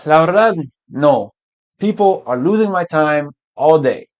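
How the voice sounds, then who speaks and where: A man's voice: on the high side, lively intonation, unhurried, a little mellow, highs cut off. A man voicing a frustrated young male salesman in a classroom skit, complaining wearily. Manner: weary complaining.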